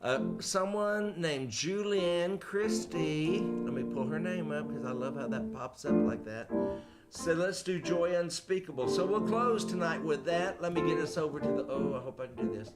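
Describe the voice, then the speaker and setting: A man's voice: on the high side, lively intonation, normal speed. Chatty man hosting, music behind. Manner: chatty, joking, self-deprecating. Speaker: host. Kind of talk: casual livestream chat.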